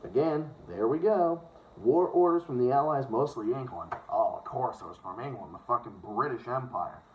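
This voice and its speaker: Animated male reader, ranting and profane, lo-fi phone recording. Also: medium pitch, moderate pace. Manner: profane, sarcastic interjections between passages; stumbles over words and corrects himself. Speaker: host reading a book aloud. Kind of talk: casual read-aloud with ranting asides. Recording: dull lo-fi phone recording, faint hiss.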